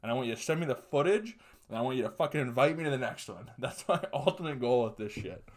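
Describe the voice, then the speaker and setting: A young man tells a story on his solo podcast. His voice sits at an ordinary pitch, and he talks crudely and profanely while chuckling along to his own story. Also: expressive, fast. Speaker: podcast host.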